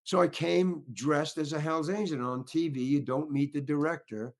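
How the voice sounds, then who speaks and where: Older guy with a gravelly voice, rambling through stories, keeps restarting and doing everyone's voices. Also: fairly high pitch, moderate pace. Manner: animated, acts out other people's lines. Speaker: actor telling stories. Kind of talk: casual storytelling.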